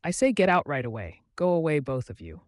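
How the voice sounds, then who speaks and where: A woman's voice: low voice, sing-song, a little fast, a little mellow, dry recording, studio quality. A man voicing a reproachful, sobbing Scottish woman friend in an audiobook. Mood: bitter.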